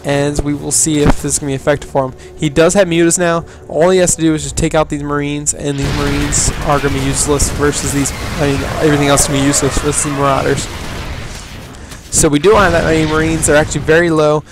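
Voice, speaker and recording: Rambling, slightly high-voiced male game caster. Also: flat delivery, quick pace, noisy background. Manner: rambling, restarts, habitual "we do see" phrasing. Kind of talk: casual live game commentary.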